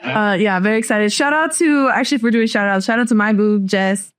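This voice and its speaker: A young woman panelist speaks in an upbeat, chatty way on a casual podcast. Her voice sits at a middle pitch. She sounds easygoing with the group. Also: brisk, clear, resonant tone, no room sound. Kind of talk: casual chat.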